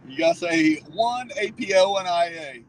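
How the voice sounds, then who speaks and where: A man's voice: sits high, lively intonation, moderate pace, slight background noise, low-quality recording. A man telling stories in a car, cursing freely and laughing at himself. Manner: profane, laughing storyteller. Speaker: guest riding along. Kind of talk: casual chat.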